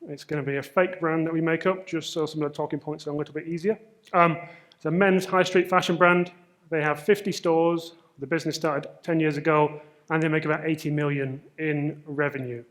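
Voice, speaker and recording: A man from Manchester in northern England, speaking Mancunian English, gives a casual conference talk on stage. His voice is on the high side, steady and fairly bright, a little fast, and he uses frequent ums and self-deprecating humor.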